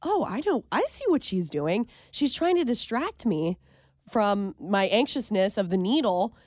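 A woman's voice: mid-range voice, sing-song, unhurried, a little mellow, dry recording, studio quality. A young woman co-hosting a radio show, chatty and giggly. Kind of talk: casual chat.

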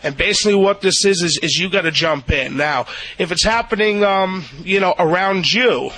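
A man with a New Jersey accent giving dog training advice on a radio show, halting with many fillers. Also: high-pitched, pushed and bright, rough recording.

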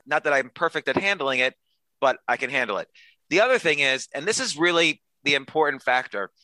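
A man talks as a podcast guest, his voice bright and slightly high, with a dry, close sound. He tells chatty, self-deprecating stories and acts out the dialogue. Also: no echo, poor audio. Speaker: podcast guest, author and comedian. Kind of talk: casual storytelling interview.

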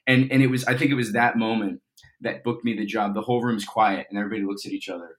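A man's voice: mid-range voice, fast. A young man from Colorado, an actor guest, telling a story in a casual interview with lots of fillers. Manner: chatty, animated storyteller with fillers.

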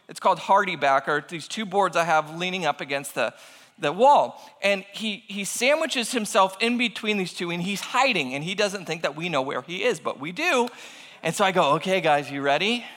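A man in his thirties tells a lively personal story to an audience with a high, bright voice. He throws himself into the quoted lines. His voice rings out in a long hall reverb. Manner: animated, acts out voices in quotes. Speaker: speaker telling a personal story.

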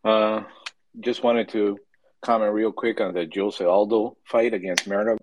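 A man's voice: lowish voice, little pitch movement, unhurried, rough recording. A man calling in to a chat show, hesitant and stumbling as he airs a grievance. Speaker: caller. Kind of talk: casual chat.

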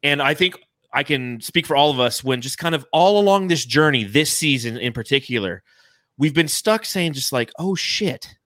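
A young adult man hosting a casual podcast livestream, excitedly thanking donors and swearing freely. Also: mid-range voice, moderate pace, no room sound, studio quality. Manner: excited, swearing, reads donations aloud. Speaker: podcast host.

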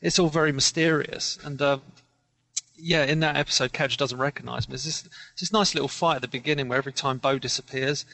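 A man's voice: mid-range voice, steady tone, a little fast, gravelly, bright, forceful tone, no echo. A man co-hosting a podcast, chatting casually as a keen fan with a rambling, laughing manner. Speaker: podcast co-host.

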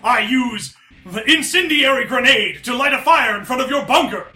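A man's voice: very high-pitched, animated, normal speed, roomy sound, faint music behind, heavily acted. A man playing a gloating leather-clad villain duelist. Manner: gloating, shouting.

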